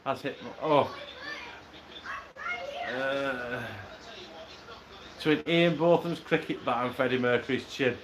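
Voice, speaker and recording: A man's voice: mid-range voice, takes it slowly, pauses often. A man with an Oldham accent hosting a casual livestream, swearing and cracking jokes. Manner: sweary, joking, chatty. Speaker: livestream host. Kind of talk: casual banter. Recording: roomy echo with background noise.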